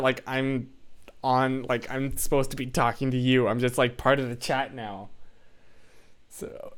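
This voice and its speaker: A man's voice: medium pitch, fairly bright tone, smooth. A young man hosting a casual livestream, chatting and reacting to viewer comments in a rambling way, full of tangents and fillers. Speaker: livestream host.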